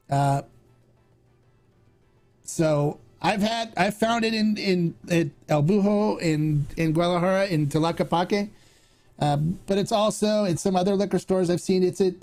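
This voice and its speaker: Chatty high-voiced man hosting a Q&A. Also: warm tone. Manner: rambling, chatty, with restarts and acted-out dialogue. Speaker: host. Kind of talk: casual Q&A livestream.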